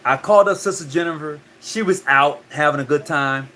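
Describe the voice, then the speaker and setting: A man's voice: a little high, fairly quick, bright, forceful tone, a little hiss or hum. A man hosting a call-in talk show, talking loosely and often repeating his words.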